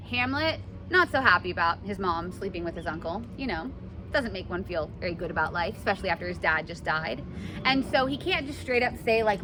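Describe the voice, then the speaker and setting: A young woman teacher giving a chatty, animated lesson and acting out examples for her class. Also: lowish voice, a little fast, over music. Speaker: English teacher.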